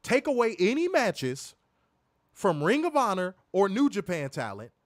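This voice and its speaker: A man's voice: high voice, wildly swooping pitch, unhurried, no room sound, studio quality. A man hosting a wrestling review stream, ranting in a profane, mocking, emphatic way. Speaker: wrestling show host. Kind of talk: casual profane rant on a livestream.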